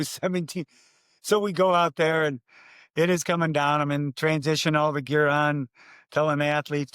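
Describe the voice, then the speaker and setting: Animated older male announcer telling stories. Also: fairly high pitch, clean tone, no room sound, studio quality. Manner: animated, acts out his own quotes loudly. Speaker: race announcer, guest. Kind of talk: storytelling in a podcast interview.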